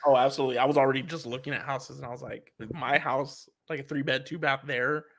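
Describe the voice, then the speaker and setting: A young adult man co-hosting a podcast in animated casual chat, laughing often and slipping into joking voices. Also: mid-range voice, fast. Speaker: podcast co-host.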